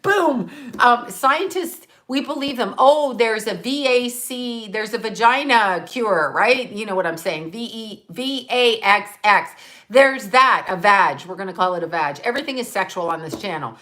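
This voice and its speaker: A woman's voice: mid-range voice, lively intonation, moderate pace, fairly bright tone. A woman hosting her own channel, talking in a blunt, profane, rambling way and laughing at her own jokes. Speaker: channel host. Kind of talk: casual live-stream monologue.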